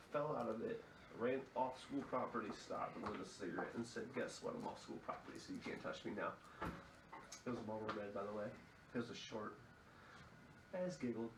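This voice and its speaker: A man's voice: medium pitch, noisy background. Profane young man, echoey room. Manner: profane, chuckling storyteller. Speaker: fill-in podcast host. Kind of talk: casual storytelling.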